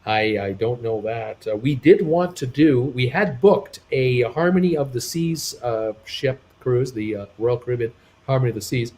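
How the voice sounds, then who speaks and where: A man's voice: mid-range voice, moderate pace, darkish tone. A man hosting a live travel stream, reading viewer comments aloud in a casual, hesitant way with many fillers, upbeat when asking for thumbs ups. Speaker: live show host reading chat.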